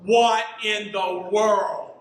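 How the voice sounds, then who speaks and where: A man in his thirties preaching a sermon as pastor, telling stories in an animated way and sounding tired from little sleep. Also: sits high, extremely slow, slight background noise. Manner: animated storytelling, rising to near-shouts in frustration. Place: church sanctuary. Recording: echoey room, mic at a distance.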